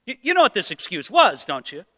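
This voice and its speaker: A pastor delivers an emphatic sermon, driving his points home with rhetorical questions and acted-out quotes. His voice is very high and intensely bright. A long reverb from a large hall follows every line. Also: huge pitch swings, fairly quick. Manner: emphatic, rhetorical, with dramatized quotations.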